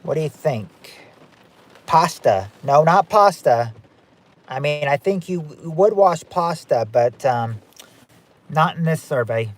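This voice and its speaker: A man's voice: fairly high pitch, lively intonation, slow. A man hosting a live-stream game night, chatting as he reads out viewer guesses and rules on each one. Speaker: game show host.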